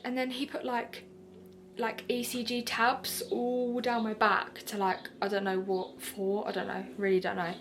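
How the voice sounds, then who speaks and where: A young woman vlogger from the UK telling a story in a chatty, animated way, acting out the dialogue. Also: medium pitch, normal speed, gravelly, a little hiss or hum. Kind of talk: casual storytelling to camera.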